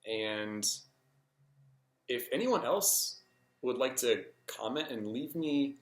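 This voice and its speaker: A man's voice: medium pitch, expressive, takes it slowly. A man vlogging a personal story in a casual, hesitant way, full of ums and restarts. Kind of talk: rambling personal story to camera. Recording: echoey room.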